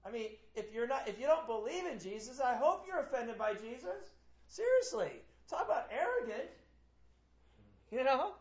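A man's voice: extremely high pitch, very animated, normal speed, husky. A man teaching a Bible class, reading scripture aloud and acting out the quotes in a casual, joking way. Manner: conversational, acts out quotes with humor. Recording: dull lo-fi classroom recording.

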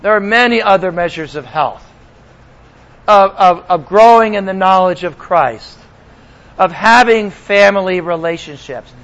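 High-voiced male pastor preaching. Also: measured pace, a bit bright, highs cut off. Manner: conversational, with sarcastic asides to the congregation. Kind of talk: sermon.

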